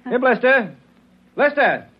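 A brisk, matter-of-fact army colonel at home. His delivery varies a lot in pitch. He sounds a little off-mic on a dull, lo-fi old radio recording. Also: big pitch swings, breathy edge, exaggerated voice. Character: brisk, gruff army colonel father, middle-aged. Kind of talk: 1940s radio acting.

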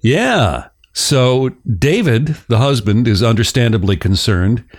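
Brief: male podcast host, lively up-and-down delivery, joking, loose and chatty. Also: mid-range voice, unhurried. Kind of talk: casual storytelling podcast.

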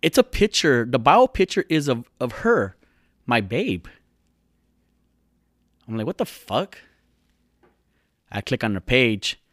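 A man rambles through a personal story in an easy, unpolished way, cursing often and sliding up into excited high bursts before dropping back to a low murmur. His voice sits at an ordinary pitch and sounds dry and close, with almost no room around it. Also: a little slow, long pauses, dry recording. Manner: animated, swearing, rises high when retelling. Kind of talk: casual storytelling monologue.

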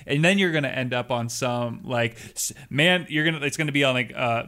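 A man's voice: mid-range voice, a little fast, sharp tone. A man hosting a casual podcast chat, laughing often and talking in restarts and asides. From Washington state, US. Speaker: podcast host.

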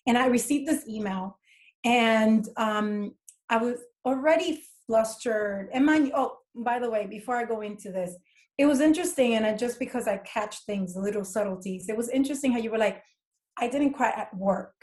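Middle-aged woman guest on a podcast, bit high voice, frank and emphatic, tells stories. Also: normal speed, darkish tone. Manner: candid, emphatic, storytelling. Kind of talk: casual conversation.

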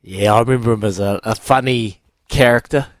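A man hosting a podcast, speaking in a steady, sincere way and reading out information plainly. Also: fairly low pitch, a little fast, no room sound. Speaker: podcast host. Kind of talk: casual podcast conversation.

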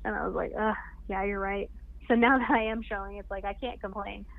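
A woman's voice: mid-range voice, steady tone, quick pace, vocal fry, no echo. A woman chatting casually as a podcast guest, laughing often and filling her talk with "like". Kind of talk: casual interview chat. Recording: tinny phone line.

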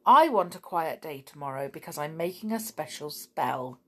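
A woman voicing a kind, gentle old lady neighbour who pleads softly. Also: low voice, lively intonation, moderate pace, slightly rough. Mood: pleading.

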